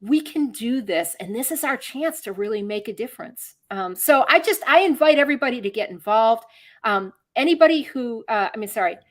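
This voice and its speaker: A woman's voice: on the high side, lively intonation, fairly quick. Earnest, rambling middle-aged woman host. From Michigan, USA. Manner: earnest, rambling, with many fillers and restarts. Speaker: podcast host. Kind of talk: casual political podcast chat.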